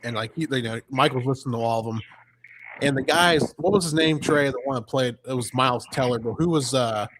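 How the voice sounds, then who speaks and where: A man's voice: mid-range voice, brisk. A man talks casually through a movie's plot, circling back and quoting characters as he goes. His delivery is loose and full of fillers. A faint noise floor sits under the recording. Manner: rambling recap full of fillers and quoted lines. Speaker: podcast co-host reviewing a film. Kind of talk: casual chat.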